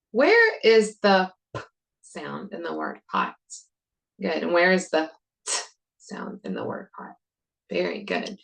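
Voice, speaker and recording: A woman teacher walks through a phonics drill at an unhurried pace, sounding out each word with care. Her voice sits fairly low and carries a gravelly edge. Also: a bit bright, poor audio. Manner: slow, deliberate modeling of sounds with repeated prompts. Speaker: reading intervention teacher. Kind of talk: modeling a phonics lesson for teachers.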